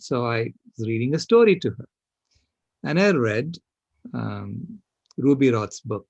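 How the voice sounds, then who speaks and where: Gravelly older man telling a story. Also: medium pitch, dry recording, dull audio. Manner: animated, emphatic storyteller. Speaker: panel speaker. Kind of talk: personal storytelling talk.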